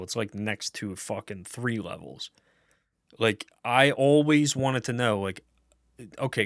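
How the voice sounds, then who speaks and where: A man's voice: mid-range voice, a bit bright, dry recording, studio quality. A man rambling enthusiastically through an unscripted film review, swearing often and piling up fillers and restarts.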